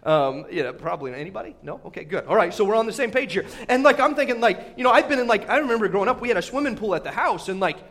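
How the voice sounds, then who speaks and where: A man preaching a sermon, retelling a story in animated fashion, full of fillers and repeats, swinging between shouts and hushed asides. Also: sits high, rapid-fire, hardly any pauses. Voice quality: filler-heavy, repetitive.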